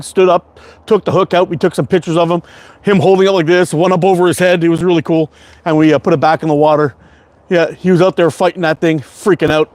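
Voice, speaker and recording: A middle-aged Canadian man hosts a slingshot livestream, rambling casually through chat, swearing freely and laughing often. His voice sits high and a little mellow, with no room sound.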